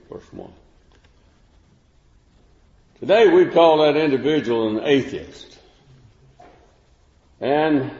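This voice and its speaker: Folksy preacher in an echoey hall. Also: male voice, mid-range voice, a little mellow. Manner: folksy, unhurried, with fillers and restarts. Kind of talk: sermon. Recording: echoey room with long reverb, dull lo-fi sound.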